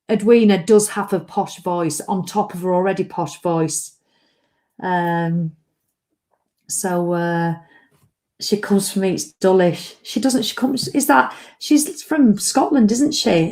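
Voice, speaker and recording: Chatty woman. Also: medium pitch. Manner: chatty, lively, reads out comments. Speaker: livestream host. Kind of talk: casual live chat to viewers.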